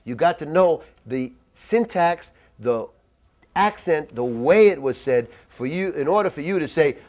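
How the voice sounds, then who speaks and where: A man teaching a jazz masterclass in a conversational, animated way, tossing in acted asides, in a dry room. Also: fairly high pitch, unhurried. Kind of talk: masterclass lecture. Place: dry room with little reverb.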